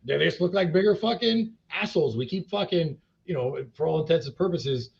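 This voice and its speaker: Blunt, profane man with gravelly voice. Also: on the high side, animated, a little fast. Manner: blunt, profane, rambling with many fillers. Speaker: cannabis company CEO, interview guest. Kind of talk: casual interview talk. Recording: dull lo-fi podcast audio.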